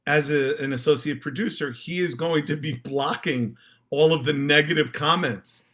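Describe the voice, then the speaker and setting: A man chatting as a podcast guest, animated and joking, quick to laugh. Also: on the high side. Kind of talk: casual chat.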